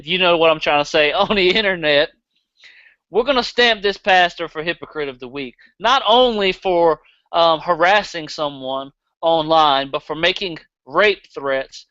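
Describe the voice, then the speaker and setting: A man's voice: on the high side, lively intonation, unhurried, bright, forceful tone, smooth, no echo, muffled recording. A man with a Southern accent hosting a casual podcast, blunt and profane, laughing easily. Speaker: podcast host.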